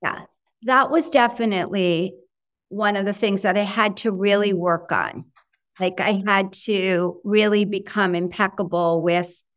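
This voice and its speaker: A middle-aged woman talks as an interview guest, lively and full of fillers. She acts out little quotes of what she said to herself. Her voice sits at an ordinary middle pitch. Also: clear, resonant tone. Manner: animated, chatty, many fillers and quoted self-talk. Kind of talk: conversational interview.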